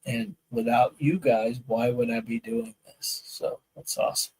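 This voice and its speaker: A man hosting a live podcast as a firearms instructor, chatting casually with viewers and telling animated stories where he acts out both sides of conversations. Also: mid-range voice, a little slow, vocal fry, breathy edge, poor audio. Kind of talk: casual live-stream chat. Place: outdoor shooting range.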